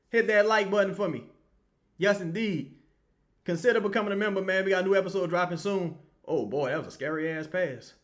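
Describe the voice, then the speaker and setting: A man delivers live basketball reaction commentary, swearing freely and repeating his gripes play after play. His voice sits fairly high and bright, with lively swings in pitch. He lurches from loud outbursts to low, grumbling asides. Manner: heated, profane, repeats himself, swings from yelling to low muttering. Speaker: live game watch-along host.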